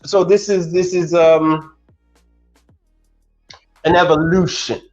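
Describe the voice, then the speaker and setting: A man talking casually on his own livestream, looping back and restarting as he goes. His voice sits a bit high for a man. The sound is dull and lo-fi, with faint music behind him. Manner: casual, repetitive, starts over a lot. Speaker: commercial appliance technician hosting a livestream.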